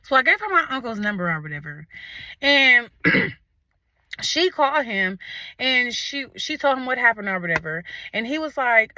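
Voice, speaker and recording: A young woman from Ohio telling a storytime vlog in a profane, animated manner, talking straight to her viewers. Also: a little high, normal speed, no echo. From Ohio, USA.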